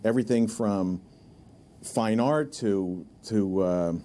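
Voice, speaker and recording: A man's voice: on the low side, takes it slowly. A man telling admiring anecdotes about a mentor in a documentary interview. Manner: animated anecdote-teller, admiring. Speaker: artist recalling a mentor.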